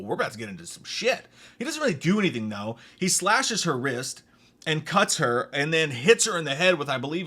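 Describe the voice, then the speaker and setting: A young man hosting a comedic movie review, ranting with heavy swearing and mocking impressions of the characters. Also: on the high side. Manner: profane, animated, mocking impressions.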